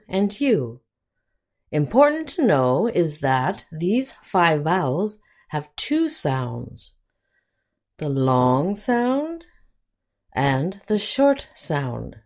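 A woman teaching an English phonics lesson, saying each example word slowly and clearly. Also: on the low side, darkish tone. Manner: drawn-out, clearly enunciated example words.

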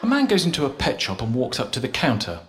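A man reading jokes and short stories slowly and clearly for learners. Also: medium pitch, huge pitch swings, a crowd in the background, background noise. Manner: careful, deliberate. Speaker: storyteller.

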